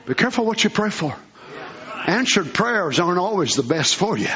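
A high-pitched, bright-voiced preacher delivers a fiery sermon, his voice leaping wildly in pitch. He swings from fervent shouts to hushed asides. The recording sounds muffled and lo-fi. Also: very animated, normal speed.

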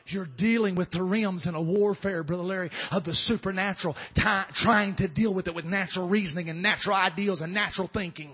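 A man preaching a sermon, swinging from soft murmurs to fervent shouting. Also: high-pitched, brisk, hardly any pauses, husky, dull audio.

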